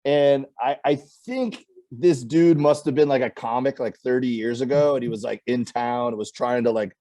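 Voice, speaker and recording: A man's voice: mid-range voice, moderate pace. A man, a comedian, telling stories in a casual chat and acting out the people in them. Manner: animated storyteller, acts out quoted voices. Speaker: comedian guest. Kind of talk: casual storytelling.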